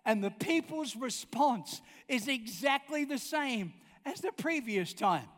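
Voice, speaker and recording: A man with a very high voice preaches emphatically, pressing his listeners to answer him back. His voice rings out with a long reverb, as though heard in a big hall. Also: expressive, slow, a bit bright. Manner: emphatic, calls out for congregation responses. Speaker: pastor. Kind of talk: sermon.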